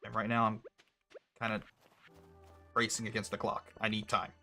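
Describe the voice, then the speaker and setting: A young man casually commentating his own gameplay, thinking out loud with a wry, chatty manner. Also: lowish voice, completely flat delivery, moderate pace, faint music behind. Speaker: gaming streamer. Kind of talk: casual let's-play commentary.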